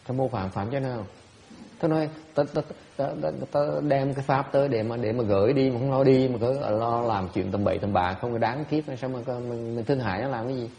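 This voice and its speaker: A man's voice: medium pitch, fast, dark tone, in a large hall. A man giving a Dharma talk as a Buddhist teacher, answering questions bluntly and teasingly, often laughing and repeating words.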